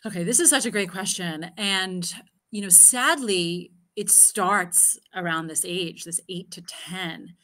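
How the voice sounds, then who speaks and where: Woman, parenting speaker, live Q&A, bright tone, earnest, many fillers. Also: fairly low pitch, measured pace. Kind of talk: live Q&A answer.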